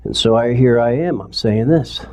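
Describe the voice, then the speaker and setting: Speaking at a moderate pace in a warm, mid-range voice, a male pastor preaches to his congregation during a streamed church service. His sermon starts out conversational and builds to passionate pleas.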